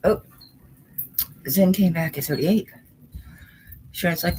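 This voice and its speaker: A woman's voice: low voice, very animated, moderate pace, pauses often, warm tone, a little hiss or hum, rough recording. A woman running a live online jewelry auction in casual chat, cooing at her dog between bids.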